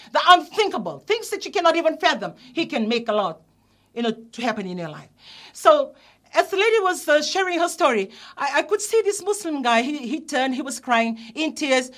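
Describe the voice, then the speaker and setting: A woman's voice: high voice, very animated, a little fast, fairly bright tone. A woman pastor, telling a testimony and exhorting listeners in a sermon. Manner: earnest storytelling, rising to emphatic exhortation.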